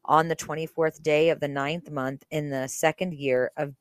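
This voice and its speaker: A woman's voice: sits low, steady tone, moderate pace, no echo. A woman hosting a Bible reading podcast, reading scripture aloud and stopping to comment in an earnest, conversational way full of fillers. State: briefly emotional.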